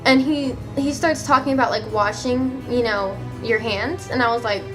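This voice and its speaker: A woman vlogger telling a story to camera in a casual, animated way, incredulous and swearing offhand. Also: fairly high pitch, moderate pace, over music.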